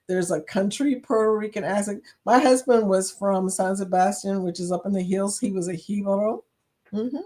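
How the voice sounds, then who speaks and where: A woman's voice: medium pitch, steady tone, normal speed, dark tone. A middle-aged woman hosting a casual live chat, reading viewer comments aloud, chatty and silly and laughing often. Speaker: livestream host.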